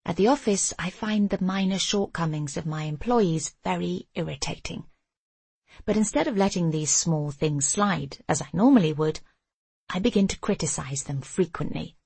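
Low gravelly older woman narrating. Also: normal speed, darkish tone, dry recording. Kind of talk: audiobook memoir narration.

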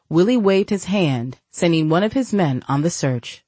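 A woman narrating an audiobook in steady storytelling. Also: fairly low pitch, normal speed, breathy edge, no room sound. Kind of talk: scripted narration.

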